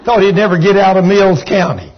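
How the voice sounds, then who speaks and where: A man's voice: sits high, animated, brisk. A Texan man preaching a sermon, folksy, rambling and enthusiastic. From Texas. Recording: dull lo-fi recording.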